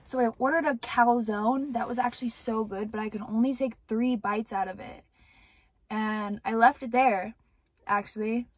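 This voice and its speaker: A woman's voice: on the high side, fairly even intonation, normal speed, no echo. A young woman candidly rambling through a personal storytime, with lots of filler words and cursing. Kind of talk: casual storytime monologue.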